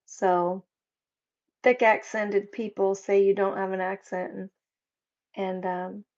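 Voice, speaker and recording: Hosting a live stream, a playful woman reads viewer comments, jokes and laughs easily, taking her time between words. Her mid-range voice is flat and darkish, and the stream audio is a little dull and lo-fi.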